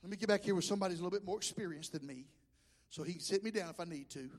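A man's voice: high voice, racing, in a large hall, a little hiss or hum. A man preaching a sermon in a folksy, impassioned way, mixing humor into his message.

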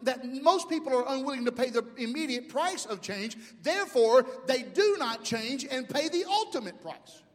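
High-voiced pastor in a reverberant hall. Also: male voice, normal speed, hardly any pauses. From Mobile, Alabama. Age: 50s. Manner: animated preaching, swings from shouts to hushed asides. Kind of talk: sermon.

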